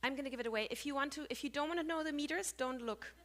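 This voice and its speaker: A woman with a slightly high voice lecturing on poetic meter. She talks in a loose, chatty way. She often stops to correct herself mid-sentence. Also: racing, fairly bright tone. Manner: chatty, with self-corrections, hums meter rhythms. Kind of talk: conference talk on Sanskrit meter.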